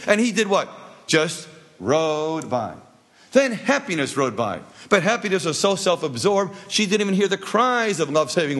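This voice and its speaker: A man's voice: sits high, sing-song, normal speed, fairly bright tone, breathy edge. A man teaching a class, telling anecdotal stories with jokes and asking the audience rhetorical questions. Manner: jokey, anecdotal. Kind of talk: storytelling lesson.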